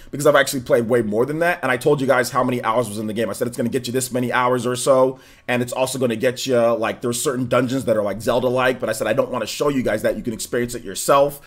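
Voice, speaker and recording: A male streamer with a mid-pitched voice that sounds a little worn, as if still recovering. He reads his chat aloud and fires off casual, upbeat shout-outs to viewers one after another. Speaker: gaming streamer.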